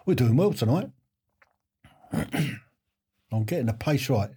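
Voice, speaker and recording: A man's voice: medium pitch, lively intonation, slow, mellow, breathy edge. A man hosting a live online quiz in a chatty, self-deprecating way, often chuckling.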